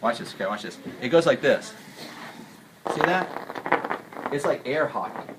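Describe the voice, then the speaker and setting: A middle-aged male teacher talks through a classroom demonstration in an animated, joking way, often restarting his sentences. He is picked up from a distance in a roomy classroom. Some noise sits under the voice. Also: medium pitch, a little slow.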